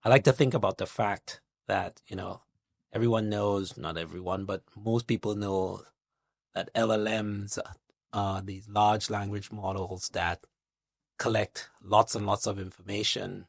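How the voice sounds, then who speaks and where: Man in his fifties, low voice, gravelly texture, dry close sound, reflective interview guest. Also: steady tone, no echo. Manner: measured, builds thoughts with analogies and lists. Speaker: guest, investor.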